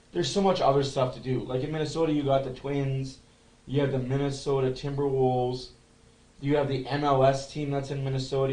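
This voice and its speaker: A man hosting a fan livestream, giving excitable casual commentary and chat, often repeating himself and swearing. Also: mid-range voice, echoey room, low-quality recording.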